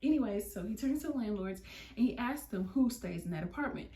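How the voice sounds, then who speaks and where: A young woman vlogger telling a story, animated and slangy. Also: medium pitch, a little fast, background noise. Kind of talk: storytime vlog. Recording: roomy, mic at a distance.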